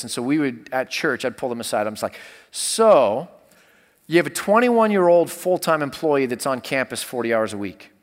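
A man's voice: fairly high pitch, fairly bright tone, long reverb tail. A man who is a college pastor, telling a story in casual talk, rambling with many restarts.

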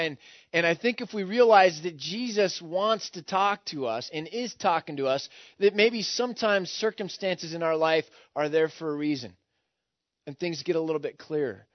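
A man's voice: fairly high pitch, normal speed, no room sound, muffled recording. A man preaching an earnest sermon, reading scripture and pressing his points with emphasis. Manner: earnest, emphatic, builds to raised intensity.

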